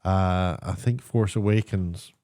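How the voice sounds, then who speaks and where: A man giving a casual spoken TV review, sarcastic and meandering, often pausing to search for words. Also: sits low, warm tone, dry recording, studio quality.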